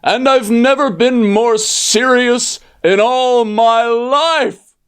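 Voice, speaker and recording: A man voicing an earnest, pompous male space hero in a comic audiobook reading, with slow, booming, self-serious declarations. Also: clear, resonant tone. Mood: solemn.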